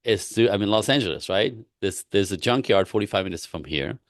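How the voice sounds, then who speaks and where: Low-voiced man coaching with emphatic repetition. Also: brisk, no room sound, clean studio sound. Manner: emphatic, repetitive, animated storytelling. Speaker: relationship coach. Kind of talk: casual interview talk.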